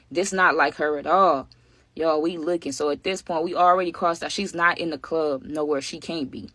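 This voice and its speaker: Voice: medium pitch, a bit bright, no echo. A vlogger telling a true story in casual narration, full of "like" and "you know what I'm saying," talking straight to the viewers. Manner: talks straight to viewers as "y'all".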